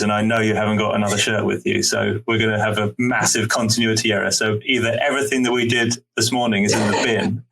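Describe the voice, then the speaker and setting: Co-host, low voice, heard a bit far from the mic on a video call. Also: male voice, a bit bright. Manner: rambling storyteller with many ums. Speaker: podcast co-host. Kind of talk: casual chat over video call. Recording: distant mic in home room.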